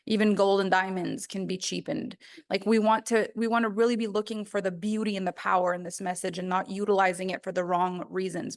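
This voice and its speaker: Chatty woman teaching about voice. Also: medium pitch. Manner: chatty, conversational, many "like" fillers. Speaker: voice course teacher. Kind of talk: casual teaching talk.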